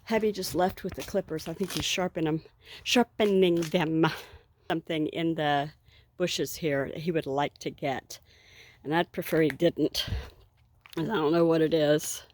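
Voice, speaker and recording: Walking outdoors through her garden, a vlogger chats casually, rambling and laughing now and then while sounding a little out of breath. Her voice sits low.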